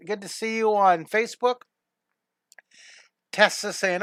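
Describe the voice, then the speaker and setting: A man's voice: sits high, a little slow, a bit bright, clear, resonant tone, dry recording. A middle-aged man teaching a live drawing lesson, enthusiastic and rambling as he talks through each step and chats with viewers. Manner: enthusiastic, rambling, reads viewer comments aloud. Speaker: drawing instructor.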